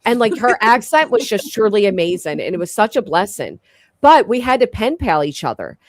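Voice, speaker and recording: Talkative American woman host, mid-pitched, eager, dry close sound. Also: big pitch swings, brisk, no echo. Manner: enthusiastic, talkative. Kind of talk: casual chat.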